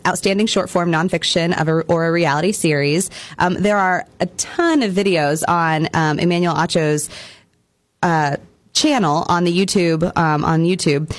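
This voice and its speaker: A woman with a Bronx accent co-hosting a library radio show, talking casually and pausing often on um and uh. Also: on the low side, no echo. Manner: chatty, halting with many ums.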